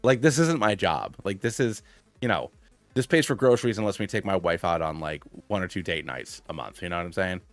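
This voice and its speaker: Mężczyzna około trzydziestki, streamer, mówi swobodnie i chaotycznie, z mnóstwem wtrąceń. Ma dość niski głos, ale bardzo żywą intonację. Nagranie z mikrofonu przy biurku jest suche, a w tle cicho gra muzyka z gry. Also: male voice, deep voice, animated, a little fast, dry recording, faint music behind. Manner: rambling, filler-heavy, self-deprecating. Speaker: gaming streamer. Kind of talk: casual live-stream chat.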